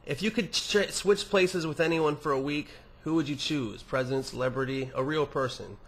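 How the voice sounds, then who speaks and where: A man's voice: on the high side, moderate pace. Young dude on his podcast, reading emails and rambling, cussing a lot, lots of false starts. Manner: rambling and profane, with many restarts. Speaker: podcast host answering listener emails. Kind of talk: casual podcast monologue.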